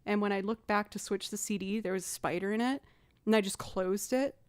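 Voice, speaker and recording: A woman's voice: mid-range voice, fairly quick, a little mellow, clear, resonant tone, dry recording. A woman streamer chatting casually on a livestream, telling stories with frequent laughs. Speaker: streamer and musician. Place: home streaming setup.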